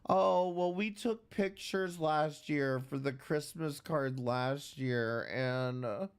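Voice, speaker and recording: A man's voice: fairly high pitch, takes it slowly, clear, resonant tone. A man hosting a reaction commentary show, blunt and mocking, swearing often. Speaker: commentary host.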